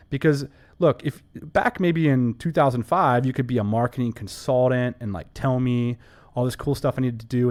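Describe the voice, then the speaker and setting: A man co-hosting a casual business podcast, talking emphatically and enthusiastically with quick asides. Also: medium pitch. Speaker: podcast co-host.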